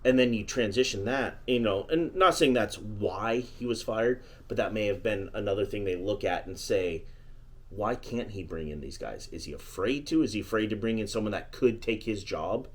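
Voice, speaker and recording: A man's voice: fairly low pitch, expressive, normal speed. A man co-hosting a podcast, talking casually and at length about basketball coaching. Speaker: podcast co-host. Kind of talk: casual sports chat.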